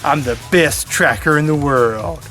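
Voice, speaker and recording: A man's voice: fairly high pitch, pushed and bright, faint music behind. A man putting on a mocking impression of a boastful bigfoot hunter, bragging smugly in a parody clip. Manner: slow, smug bragging.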